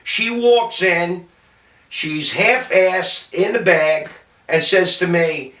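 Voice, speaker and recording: A man from City, telling salty anecdotes about his bartending days in a lively, gesturing way. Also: high voice, takes it slowly. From Jersey City, New Jersey, US. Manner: animated, gestures while talking, salty. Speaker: storyteller, former bartender. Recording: roomy sound from a distant mic.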